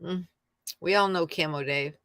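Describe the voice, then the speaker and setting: On a YouTube livestream from her home, a middle-aged woman chats casually and rambles, calling viewers by name. She speaks on the low side at a moderate pace, with a fairly bright tone, and the studio-quality recording has no room sound.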